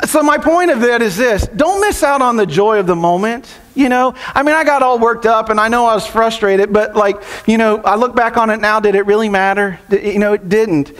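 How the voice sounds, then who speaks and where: High-voiced middle-aged male pastor. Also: a little fast, hardly any pauses, a bit bright. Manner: conversational, storytelling, laughs often. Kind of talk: sermon.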